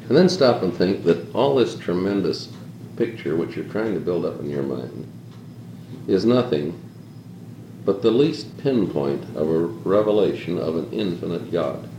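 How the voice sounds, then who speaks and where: A man's voice: sits low, lively intonation, a little slow, mellow. A man leading an informal talk to a small group, reflective and rambling, stacking up repeated calls to "consider" as he goes. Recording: echoey room with faint hiss.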